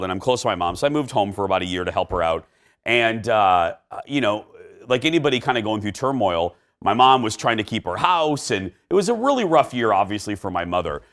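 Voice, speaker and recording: A man's voice: lowish voice, fairly bright tone. A middle-aged man from Indiana hosting a daytime talk show, chatting and telling a family story with lots of fillers and restarts. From Indiana, United States. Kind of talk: casual chat and storytelling.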